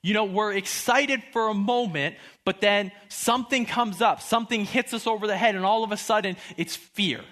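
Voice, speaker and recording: Young male preacher, 20s, high and bright voice, animated storyteller. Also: moderate pace, hardly any pauses. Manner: animated storytelling, acting out quotes. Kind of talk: sermon.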